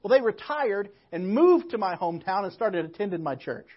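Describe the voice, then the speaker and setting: Husky-voiced woman preaching with lively swings. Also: mid-range voice, brisk, lo-fi sound. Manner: storytelling preacher, swinging from quiet to emphatic. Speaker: pastor. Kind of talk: sermon.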